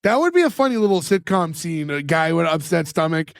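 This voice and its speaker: A man's voice: fairly high pitch, big pitch swings, brisk, gravelly. A man co-hosting a casual podcast, joking and acting out lines while he recaps a sitcom episode. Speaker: podcast co-host.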